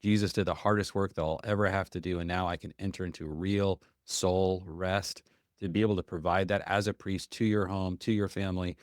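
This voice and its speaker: A man's voice: sits low, steady tone, a little fast, no room sound, clean studio sound. A man hosting a podcast, talking earnestly and reflectively with frequent fillers in a casual faith-based conversation. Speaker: podcast host.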